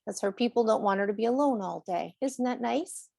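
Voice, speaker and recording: A woman's voice: a little high, brisk, gravelly, mellow, no echo. A woman on a podcast, chatting in a rambling way about animals and laughing often. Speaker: animal communicator. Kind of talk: casual chat on a podcast.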